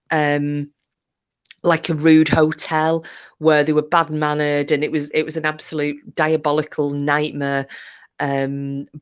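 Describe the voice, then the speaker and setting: A middle-aged woman, chatting casually to her live stream viewers in a rambling way with frequent laughs. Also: low voice.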